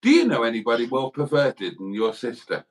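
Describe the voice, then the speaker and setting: A man's voice: medium pitch, huge pitch swings, brisk. A man hosting a late-night live stream, teasing his co-host with cheeky banter. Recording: off-mic with loud music behind.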